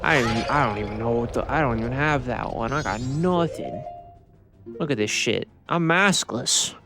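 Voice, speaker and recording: A man's voice: mid-range voice, normal speed, over music. A man streaming a video game in casual chat, swearing freely and rambling with restarts, tired from poor sleep.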